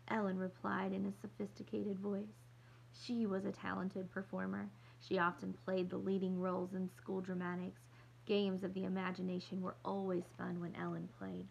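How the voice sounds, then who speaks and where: A woman teacher reading a novel aloud to her class in a relaxed way, with fillers as she thinks aloud. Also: mid-range voice, moderate pace, gravelly, slight background noise.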